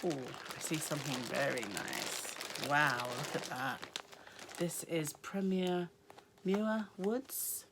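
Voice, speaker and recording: A hoarse British woman chatting casually as she unboxes yarn for her crochet vlog, often dropping to a near whisper. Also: low voice, expressive, slow, background noise. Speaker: crochet vlogger.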